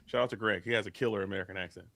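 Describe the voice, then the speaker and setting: A man's voice: fairly low pitch, steady tone, rapid-fire, creaky, over a noisy crowd. A man back on a card game stream chatting casually, easygoing and upbeat, laughing along with the others. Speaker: returning guest commentator. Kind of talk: casual chat.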